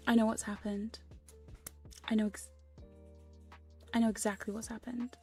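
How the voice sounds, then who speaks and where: A woman chatting in a whispered ASMR livestream, soft and breathy, laughing and swearing casually between close-mic whispers. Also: a little high, slow pace, faint music behind. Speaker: ASMR hypnosis streamer. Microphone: studio condenser mic close up.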